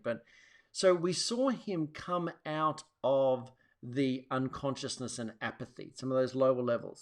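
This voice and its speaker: A man hosting a wellness show, talking casually to viewers in a rambling way with many restarts. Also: a bit bright. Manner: rambling, restarts often, acts out quotes in a high voice. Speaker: host.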